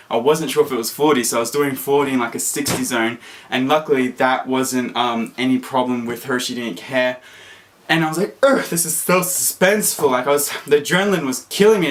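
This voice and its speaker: Animated young Australian man telling a story. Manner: animated, acts out quotes with sudden high squeaky jumps. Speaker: vlogger. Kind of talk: casual storytelling to camera.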